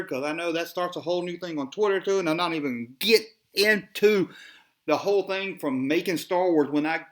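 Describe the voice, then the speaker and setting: A toy collector from the Southern US hosts a solo podcast, his voice sitting high with a fairly bright tone and a Southern accent. He rambles and rants, sighing often, and his mouth sounds dry.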